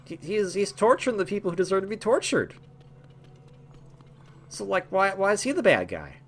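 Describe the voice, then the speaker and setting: A man's voice: sits high, big pitch swings, normal speed. A young man hosting a gameplay video, rambling in a jokey way with lots of stammers and restarts. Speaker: gaming video host. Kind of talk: casual gameplay commentary.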